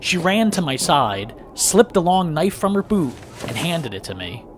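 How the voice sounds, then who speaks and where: A man narrating a first-person story aloud with lively, dramatic delivery. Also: a little high, moderate pace, a little hiss or hum. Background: background music.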